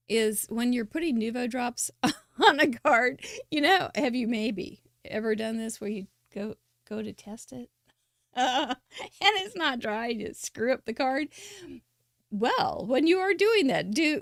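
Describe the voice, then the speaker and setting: A woman hosting a live crafting show, chatting warmly and enthusiastically as she praises viewers' handmade cards. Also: on the high side, dry recording, studio quality. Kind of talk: live-stream card showcase commentary.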